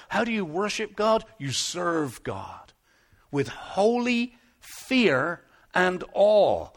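Lively, conversational male preacher. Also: high-pitched. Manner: animated, conversational preaching with acted asides; repeats words when building up. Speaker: pastor. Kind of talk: sermon.

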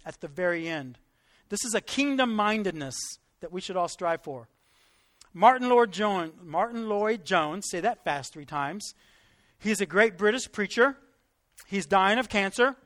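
A man's voice: sits high, a bit bright. An older man preaching a sermon with earnest, building fervor, then leading a prayer. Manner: earnest, builds to fervent emphasis.

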